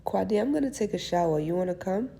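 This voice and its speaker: A woman's voice: medium pitch, expressive, quick pace, gravelly, mellow, pitched above the performer's own voice. A woman doing a playful young fiancée. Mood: teasing.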